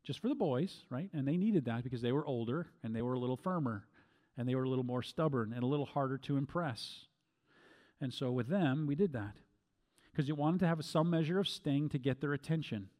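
A middle-aged man giving Bible-based teaching, speaking deliberately and repeating key phrases for emphasis. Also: medium pitch, darkish tone. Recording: long hall reverb.

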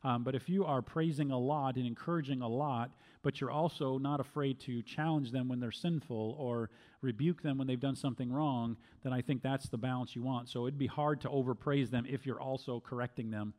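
A middle-aged pastor answers questions in a Q&A teaching talk, speaking calmly and in a measured way but restarting often. His pitch is medium and his pace brisk.

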